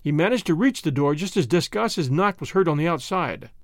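Expressive man narrating a story. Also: fairly high pitch, a little fast, dry recording, clean studio sound. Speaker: audiobook narrator. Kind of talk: scripted narration.

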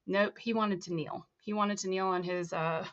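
A young woman, a guest on a talk show, telling her story in a casual, animated way and acting out the voices of people she quotes. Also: medium pitch, normal speed. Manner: animated, acts out quoted voices, laughs often. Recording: slightly dull lo-fi sound.

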